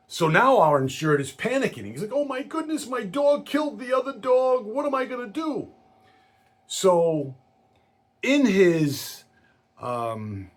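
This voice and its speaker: A man telling a story from his work in insurance in a casual way, acting out the people in it with lively voices. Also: fairly high pitch, husky. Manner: animated storyteller who acts out quoted voices.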